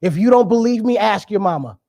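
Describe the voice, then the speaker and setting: A man's voice: high voice, animated, fairly quick, dark tone. A young man giving a sermon as a guest speaker, conversational and joking, with emphatic preaching.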